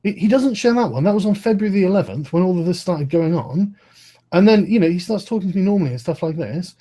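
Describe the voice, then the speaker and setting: This thirty-something man is ranting heatedly on a live stream, talking quickly, cursing freely and interrupting himself mid-sentence. His voice sits high and is highly expressive, with a wandering pitch and a dark, faintly husky quality.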